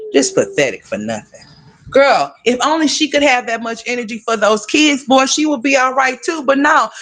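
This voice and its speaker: A woman hosting a casual gossip commentary livestream, sassy and profane, talking straight to her viewers. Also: on the high side.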